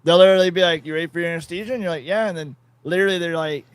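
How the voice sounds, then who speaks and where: A blunt, joking man, co-hosting a casual podcast. His voice sits a little high and sounds dry and close to the mic. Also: very fast, clear, resonant tone, dry recording. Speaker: podcast co-host. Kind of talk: casual chat.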